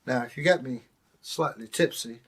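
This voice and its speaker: An Englishman in middle age chats easily as co-host, his voice sitting at an ordinary middle pitch. He spins anecdotes and drops into brief impressions along the way. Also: fairly bright tone, breathy edge. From England. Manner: anecdotal, slips into quick impressions. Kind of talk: casual chat.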